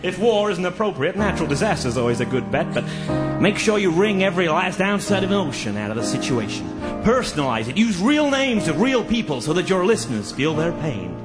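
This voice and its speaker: A man delivering a satirical, deadpan comic monologue as a cynical songwriter giving advice. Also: high-pitched, fairly quick, loud music behind the voice.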